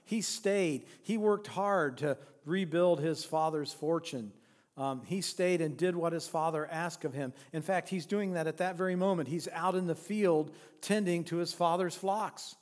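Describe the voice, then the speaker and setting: A man preaches from the pulpit with a slightly raised pitch. He tells the story in a relaxed way and poses questions to the congregation, while his voice trails into a long reverb across the sanctuary. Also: a little slow. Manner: storytelling, with rhetorical questions and frequent restarts. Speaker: pastor. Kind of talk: sermon. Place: church sanctuary.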